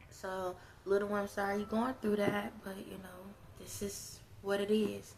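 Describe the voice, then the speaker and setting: A woman's voice: mid-range voice, little pitch movement, moderate pace, creaky, few pauses, noisy background. A middle-aged woman and parent, speaking in a candid, earnest, down-to-earth way as she gives casual advice straight to her viewers. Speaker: parent vlogger. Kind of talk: casual advice talk to camera.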